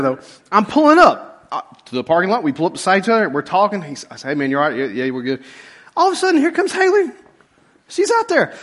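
Animated, lively-pitched man telling a story. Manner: animated storyteller who swings from loud outbursts to hushed asides. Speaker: pastor and police chaplain. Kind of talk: storytelling sermon.

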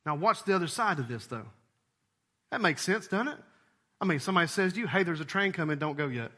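A man preaching a sermon, animated, acting out little voices and jumping up in pitch as he makes a point. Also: fast. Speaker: pastor.

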